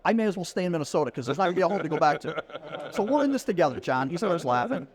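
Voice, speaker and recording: Middle-aged man telling a lively story. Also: fairly high pitch, racing, a crowd in the background. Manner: lively storyteller who acts out quoted dialogue. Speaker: podcast guest. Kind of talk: casual anecdote telling. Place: conference venue.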